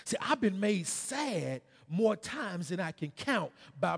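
A man preaches to his church, leading the congregation in call-and-response and pushing his delivery up into shouted peaks. His voice sits high and has a gravelly, husky grain. The sanctuary around him rings with a long reverb. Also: very animated, measured pace, hardly any pauses. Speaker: pastor. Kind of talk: sermon.

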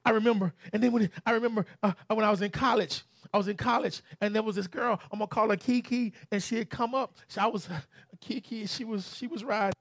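High husky Southern preacher man. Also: steady tone, no echo, studio quality. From Southern United States. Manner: shouts scripture, then tells a story in a softer, halting voice. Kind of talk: sermon.

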